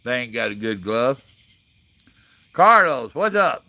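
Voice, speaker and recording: A man's voice: medium pitch, sing-song, takes it slowly, gravelly, pushed and bright, no room sound. A man, hosting a casual live chat and reading viewer comments in a blunt, folksy way. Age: 60s. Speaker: livestream host.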